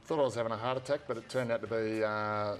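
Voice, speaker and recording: A fast-talking man chats as a guest on a studio panel. He is easygoing and matter-of-fact, with faint music in the background. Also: fairly low pitch, steady tone. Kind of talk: casual chat.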